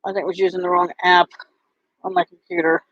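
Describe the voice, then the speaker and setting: A woman vlogger chatting casually to camera, halting often with ums and restarts. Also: lowish voice, monotone, a bit bright, no room sound. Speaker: vlogger and bracelet seller. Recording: dull lo-fi, dry sound.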